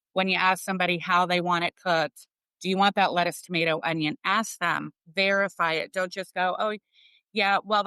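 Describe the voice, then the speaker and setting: A middle-aged woman speaking earnestly into a close podcast mic, her voice bright and lively, smooth and clear. She stresses her points by saying them again. The sound is dry, with no room in it. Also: fairly low pitch, dry recording. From Florida. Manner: earnest, emphatic, repeats words for stress. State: tearful, emotional. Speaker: restaurant owner, guest. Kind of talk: heartfelt podcast interview.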